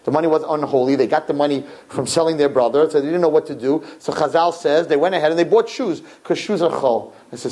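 A man's voice: fairly high pitch, quick pace, few pauses. A man teaching a Torah class, telling a story animatedly and mixing in Hebrew and Yiddish terms. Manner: animated, swinging from hushed to loud exclamations.

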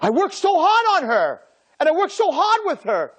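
A man imitating a wounded, indignant woman teacher with a shrill, self-pitying complaint. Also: huge pitch swings, moderate pace, exaggerated voice. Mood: indignant hurt. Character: wounded, indignant female teacher, middle-aged.

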